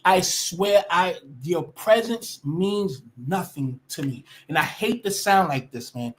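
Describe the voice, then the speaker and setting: A woman's voice: on the low side, expressive, takes it slowly. A woman ranting casually to her viewers, blunt and profane, often restarting her sentences. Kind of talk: casual rant to camera.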